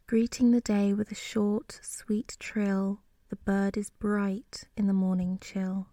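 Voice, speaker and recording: Woman narrator, whispered role-play, dry close mic, flat gentle whisper. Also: mid-range voice, dry recording. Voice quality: soft whispering. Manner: slow, soothing rhyming narration. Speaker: sleep story narrator.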